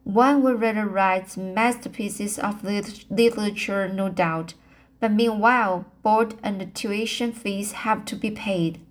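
A woman's voice: mid-range voice, natural voice. A woman reading a kind, practical young man. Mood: reassuring. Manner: slow halting reading with repeated words.

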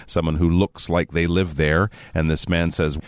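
A man co-hosting a radio English lesson, explaining phrases in an animated, explanatory way. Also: normal speed, dry recording, clean studio sound. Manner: animated, explanatory, lively pitch swings. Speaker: English teacher co-host.

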